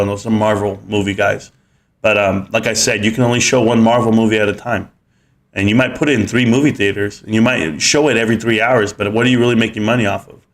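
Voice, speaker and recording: Rambling man hosting a live stream. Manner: rambling, upbeat, many fillers, gets louder and higher when excited. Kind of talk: casual live stream chat, reading viewer comments.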